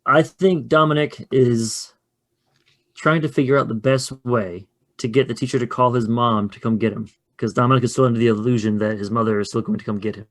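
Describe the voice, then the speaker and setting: A man casually running a two-player tabletop game, chatty and quick to laugh. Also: medium pitch, steady tone. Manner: chatty, laughs often, loose. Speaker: game facilitator. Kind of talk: casual actual-play chat.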